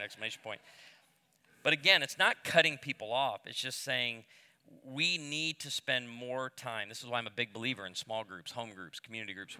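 A middle-aged pastor delivers a sermon-style marriage talk to a live audience, sharing humorous stories and self-mocking asides. His mid-range voice is sharp-toned yet smooth, with a long reverb tail.

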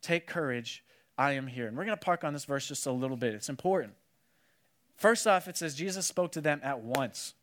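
A man preaching a casual sermon, telling the story with animated energy and acting out what people said. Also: a little high, a little fast. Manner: animated storytelling, acts out quotes, many "like"s. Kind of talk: casual sermon to a youth audience.

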